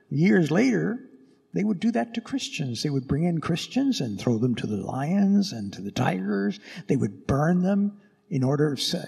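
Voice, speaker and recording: A priest giving a Christmas Eve homily in a dramatic storytelling manner, recorded in a large church. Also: male voice, mid-range voice, gravelly, warm tone, husky. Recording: echoey church with long reverb.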